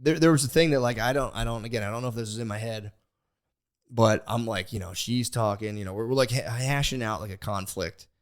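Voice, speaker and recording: A young man on a podcast, rambling in casual chat, animated, swearing freely and restarting his sentences. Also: mid-range voice, brisk. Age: young adult. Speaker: podcast host.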